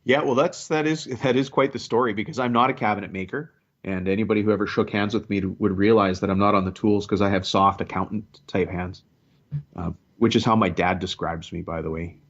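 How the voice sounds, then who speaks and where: A man in his forties, a business coach, telling his story in a relaxed podcast interview. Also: on the low side, a little fast. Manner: storytelling, conversational with restarts. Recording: dull lo-fi sound.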